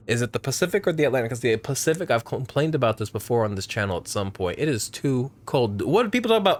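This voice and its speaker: A man's voice: a little high, fairly quick. A man casually commentating a video game, telling rambling, profane stories between scenes. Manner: rambling, profane, animated storytelling. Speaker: let's play gamer.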